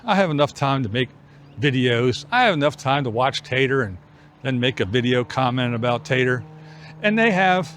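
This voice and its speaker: A man's voice: mid-range voice, fairly bright tone, a little hiss or hum. Reflective middle-aged man musing outdoors. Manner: musing, unhurried, pausing between phrases. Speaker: vlogger. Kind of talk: reflective walking vlog chat. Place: outdoors on an evening walk.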